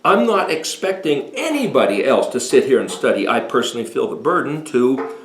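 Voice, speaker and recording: A man in his sixties giving a deliberate, emphatic talk explaining Hebrew words as a home Bible teacher. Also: mid-range voice, very animated, a bit bright. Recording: echoey room.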